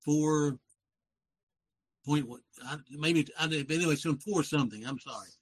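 A man in his seventies from West Virginia speaks with a Southern accent as a guest on a radio talk show, rambling folksily and frequently correcting himself. His voice is husky and fairly high, delivered at an ordinary speed, and the audio quality is poor.

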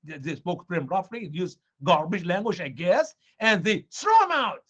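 Brief: excitable male preacher, high voice that leaps all over, acts out scenes. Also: normal speed. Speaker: guest preacher. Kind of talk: animated evangelistic teaching.

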